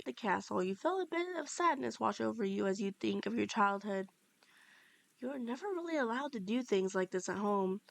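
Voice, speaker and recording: A woman's voice: on the high side, creaky, no echo. A woman narrating a second-person fan-fiction story, reading steadily with small slips and restarts. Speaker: fanfiction reader.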